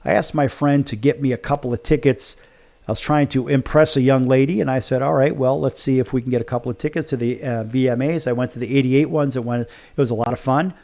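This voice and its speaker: Gravelly chatty male sports show host. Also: medium pitch, fairly even intonation, quick pace, a little mellow. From Chicago. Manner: rambling, chatty anecdotes with restarts. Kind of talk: casual storytelling on a radio show.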